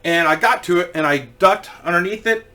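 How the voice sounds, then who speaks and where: A young man casually telling funny stories, animated, swearing freely and laughing as he goes. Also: high voice, fairly quick. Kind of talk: casual comedic storytelling.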